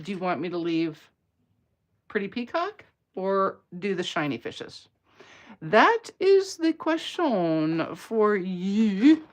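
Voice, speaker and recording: A woman leads a live card-making demo and jokes with her viewers between steps. Her voice sits at an ordinary middle pitch, and her talk is loose, friendly and full of asides. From Atlanta area, US. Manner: chatty and playful, bantering with viewers mid-demo. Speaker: craft demonstrator.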